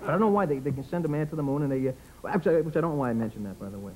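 A man's voice: on the high side, expressive, racing, darkish tone, low-quality recording. A man chatting as a comic guest on a talk show, rambling and self-deprecating, slipping into little acted voices. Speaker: comedian guest.

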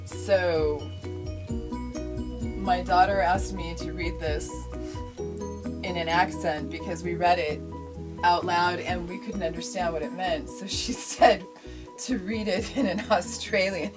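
A middle-aged woman chats casually at home, amused and laughing at her own setup. Her voice sits fairly low. Faint music plays under her talk. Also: takes it slowly. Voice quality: amused, chatty, laughing asides. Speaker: parent reading aloud for her daughter.

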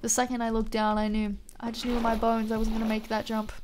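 A woman's voice: on the high side, completely flat delivery, fast, background noise. A young woman streaming a game live, chatting casually with her viewers in a bubbly, rambling way full of internet slang. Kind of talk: casual live-stream chat while gaming. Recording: music playing behind.

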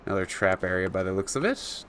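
A man's voice: deep voice, very animated, quick pace, fairly bright tone, a little hiss or hum. A man giving casual commentary while playing a video game, chatting to the creatures on screen and chuckling often. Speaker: let's play gamer.

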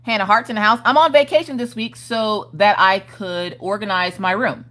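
In a mid-range, slightly bright voice at a moderate pace, a woman hosts a relaxed crafting livestream. She welcomes viewers by name and reads their comments out loud in a playful, laughing way.

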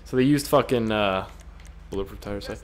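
A man's voice: lowish voice, brisk, slight background noise. A young man hosting a gaming video with crude, joking, rambling commentary.

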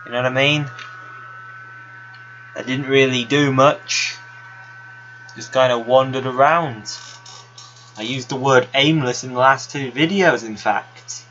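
A man's voice: medium pitch, measured pace, long pauses, muffled recording. A man giving rambling, wry gaming commentary as a let's play host, talking to himself as he plays. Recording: loud background noise.

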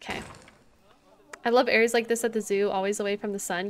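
A woman's voice: mid-range voice, little pitch movement, fast. A young woman livestreaming a zoo-building game, chatting casually, thinking aloud and greeting viewers in chat. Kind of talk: casual gameplay commentary.

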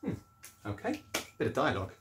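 A man's voice: mid-range voice, wildly swooping pitch, a little fast, fairly bright tone, a little hiss or hum. A male primary school teacher giving an upbeat, encouraging video lesson, sometimes acting out voices as he explains. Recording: echoey room.

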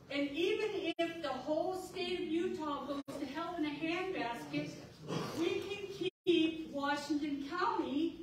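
A woman giving an emphatic public speech at a community center, repeatedly checking in with "okay?". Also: sits high. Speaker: community organizer speaking at a candidate forum. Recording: echoey hall, distant mic, noisy.

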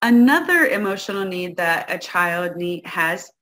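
A woman's voice: on the low side, unhurried. A woman guest-hosting a parenting talk, speaking conversationally and often checking in with the listener. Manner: conversational, keeps checking in with "right?"; acts out quoted parents and kids in lively voices. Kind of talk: casual teaching talk to an audience.

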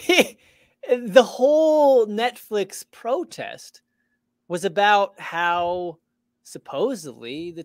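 A man hosting a casual interview, talking haltingly with frequent laughs and restarts. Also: high-pitched, no room sound, studio quality. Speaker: host.

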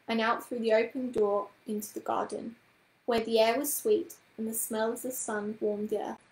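A woman reading a children's book aloud as a storyteller, with calm, even narration. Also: on the high side. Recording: roomy echoing room.

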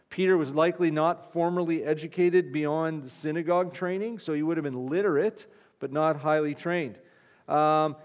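A man's voice: on the high side, darkish tone. A man, a pastor, preaching a conversational sermon with frequent restarts. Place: church. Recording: long reverb of a church hall.

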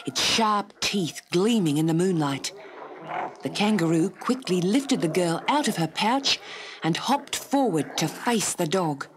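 A woman narrating a children's storybook in an expressive, measured way. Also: lowish voice, slight background noise.

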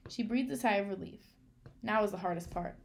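Woman storybook reader, measured and clear, mid-pitched with some vocal fry. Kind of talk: storybook read-aloud.

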